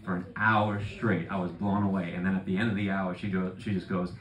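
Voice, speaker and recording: A man's voice: low voice, flat delivery, fairly quick, lo-fi sound, slight background noise. A man, telling profane, rambling stories in a stand-up comedy set. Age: 30s. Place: comedy club. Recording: roomy, distant mic with loud audience laughter.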